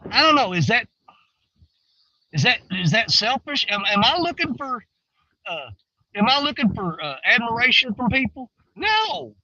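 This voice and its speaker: Outdoor vlogger: man, high, lively voice, bright and slightly lo-fi, folksy and rambling. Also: moderate pace, dry recording. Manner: folksy, animated, swings between excited and hushed. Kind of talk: casual rambling talk to viewers. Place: outdoors on a riverbank.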